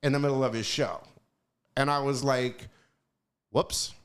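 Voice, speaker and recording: A man on a podcast telling casual stories in an animated, profane way, acting out the voices of people he quotes. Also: medium pitch, unhurried. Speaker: podcast guest. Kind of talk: casual storytelling.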